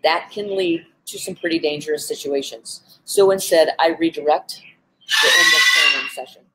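A woman's voice: deep voice, normal speed, heavy background noise. A woman who works with animals, hosting a casual live stream, talking earnestly with frequent ums and restarts. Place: indoors with animals around.

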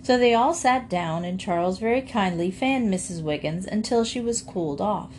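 A woman narrating a children's storybook in a gentle, lively storytelling way. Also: medium pitch, normal speed, slight background noise. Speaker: audiobook reader.

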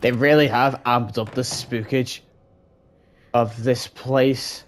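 A man commentates on a horror game he is playing, his pitch in the middle range for a man. He reacts in a jumpy, frightened way and swears often as he plays. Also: fairly even intonation, slow pace. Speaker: gaming channel host. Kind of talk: let's-play commentary.

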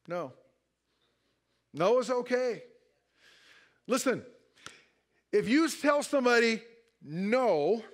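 A pastor with an extremely high, pushed, bright voice preaches a sermon to his congregation in church. Playful and joking, he laughs often and acts out quoted speech in other voices.

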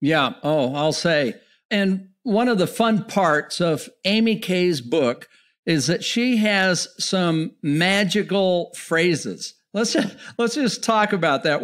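A man with a notably high voice hosts a podcast interview, asking short, curious questions in a friendly tone. He keeps his prompts brief and leaves room for his guest. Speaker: podcast host.

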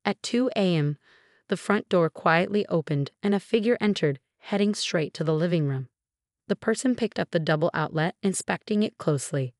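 Steady woman narrating a story. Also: lowish voice, moderate pace, dry recording, studio quality. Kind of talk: scripted narration.

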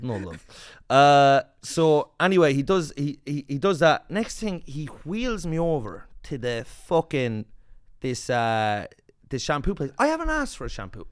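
A Northern Irish man on a podcast, telling a story in a breathless, animated, swearing way, acting out the people in it. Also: on the high side. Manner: animated, swearing, breathless retelling with quoted voices. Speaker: podcast co-host. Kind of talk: casual storytelling chat.

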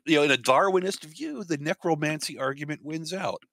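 A man's voice: fairly high pitch, a little fast, fairly bright tone, dry recording. A man playing a tabletop game, arguing a contrarian point with wry humor. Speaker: player. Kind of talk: casual game table chat.

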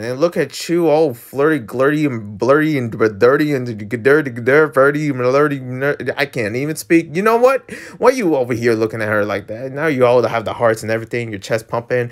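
A young man reading a webtoon aloud, cracking jokes and excitable asides in casual commentary. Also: medium pitch.

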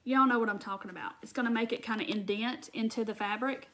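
Woman hosting a live craft demo, talkative and direct with viewers, bright, forward tone. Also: fairly high pitch, quick pace. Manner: chatty, addresses viewers directly and answers comments. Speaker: craft tutorial host.

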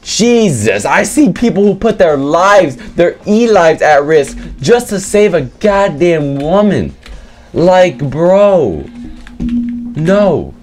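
A young man talks over his own gameplay in a high voice that leaps around constantly. He is loud and excitable, slips into crude jokes and breaks into shouts. Faint game music plays underneath. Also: takes it slowly. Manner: crude, joking banter. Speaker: gaming video creator. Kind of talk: live gameplay commentary.

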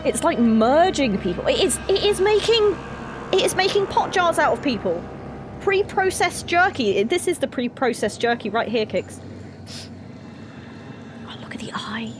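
A woman streaming a horror game, chatting excitably with her viewers and swearing freely. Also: sits high, moderate pace, background noise.

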